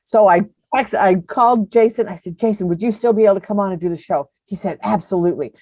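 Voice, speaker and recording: A woman in her seventies speaks as a podcast guest, spinning stories in a chatty, easy way and laughing often. Her voice sits warm and mellow, recorded dry and close. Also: medium pitch, fast, no echo. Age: 70s. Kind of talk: casual interview chat.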